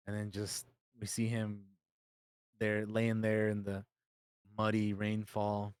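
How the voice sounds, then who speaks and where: A young man co-hosting a podcast, excitedly retelling a comic with casual swearing. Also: lowish voice, takes it slowly, smooth, no echo, studio quality. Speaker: podcast co-host. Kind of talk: casual chat.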